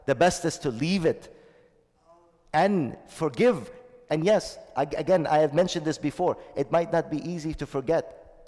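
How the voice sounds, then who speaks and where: A man's voice: fairly high pitch, a little mellow, in a large hall. A man delivering a sermon as a shaykh, earnest and repeating his key phrases, with stretches of Arabic recitation. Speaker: shaykh giving a Ramadan talk.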